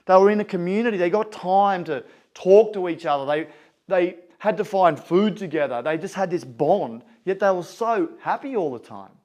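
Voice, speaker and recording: A man speaking with earnest conviction and a storyteller's ease. His voice sits a touch higher than most men's. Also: normal speed, darkish tone, muffled recording. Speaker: motivational speaker. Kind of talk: motivational talk.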